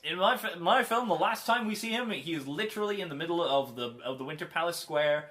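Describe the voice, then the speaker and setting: A man's voice: a little high, animated, fast talker, sharp tone. A man co-hosting a casual movie debate podcast, wry and argumentative. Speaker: podcast co-host.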